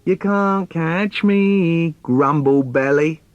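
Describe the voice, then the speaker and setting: A man's voice: a little high, takes it slowly, dry recording, muffled recording, voice pushed up. A man voicing a cheeky little boy who taunts in a sing-song chant, in a dry, close recording. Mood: teasing.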